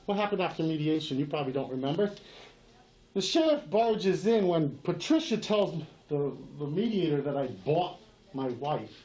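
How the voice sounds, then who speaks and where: A man's voice: fairly high pitch, expressive, moderate pace, a little mellow, rough recording. A man in a heated face-to-face argument, insistent and profane, repeating himself and talking over others. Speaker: channel owner confronting a sheriff.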